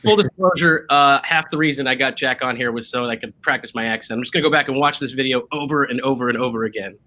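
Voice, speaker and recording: A man's voice: mid-range voice, fast talker, pushed and bright. A man hosting a casual online drinking show over a video call, upbeat and chatty with lots of fillers. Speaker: show host.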